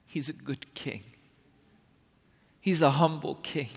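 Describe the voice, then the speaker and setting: A man's voice: a little high, steady tone, slow, creaky, pauses often, breathy edge. A man pastor giving an earnest sermon in a church, pleading with his listeners and building to emphatic rises. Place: church sanctuary. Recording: long reverb of a large hall.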